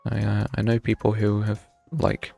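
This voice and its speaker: A man's voice: lowish voice, completely flat delivery, moderate pace, vocal fry, warm tone, faint music behind. A young man chatting casually while streaming a game, thinking aloud with wry self-mockery. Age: young adult. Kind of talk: casual live gameplay commentary.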